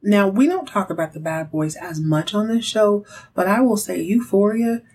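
A woman hosting a podcast, recapping a soap opera episode in a sassy, animated storytelling way, with direct asides to her listeners. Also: mid-range voice, moderate pace, a little hiss or hum, rough recording. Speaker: podcast host.

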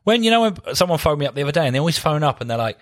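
Chatty podcast co-host. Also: male voice, a little high, sing-song, very fast. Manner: chatty, self-deprecating, laughs often. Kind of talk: casual banter.

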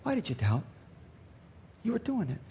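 A man voicing Jesus as a gentle, encouraging teacher with soft, coaxing questions. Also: very high voice, big pitch swings, slow pace, slight background noise, pitched above the performer's own voice, heavily acted. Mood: gently encouraging.

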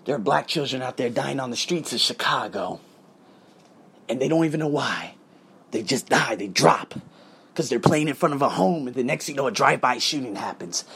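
A man in his thirties from Las Vegas spins a casual story for his viewers. His voice is gravelly and husky and swings widely up and down in pitch. He swears freely and often laughs as he talks. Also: fairly quick. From Las Vegas, USA. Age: 30s. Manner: animated, profane, laughs often.

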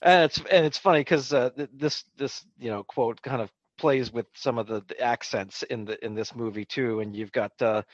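A man's voice: medium pitch, normal speed, few pauses, no room sound. A man co-hosting a podcast, chatting casually about a film, rambling and acting out scenes as he retells them. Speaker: podcast co-host. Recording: dull, dry lo-fi sound.

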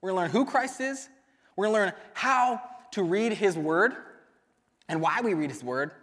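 A man's voice: high-pitched, animated, normal speed, a bit bright. A young man giving a youth sermon, telling a personal story casually with many fillers before turning to scripture. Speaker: youth ministry speaker. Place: church youth service hall. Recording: reverberant church hall.

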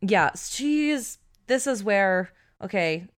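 Brief: a chatty woman co-host, mid-pitched, recounting true crime with casual swearing. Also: expressive, takes it slowly. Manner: chatty, swears freely, many "like"s. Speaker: podcast co-host.

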